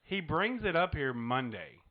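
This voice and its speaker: A man's voice: on the high side, big pitch swings, measured pace. A man co-hosting a casual chat show who animatedly ribs a friend while telling a story. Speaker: podcast co-host. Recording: slightly dull lo-fi audio.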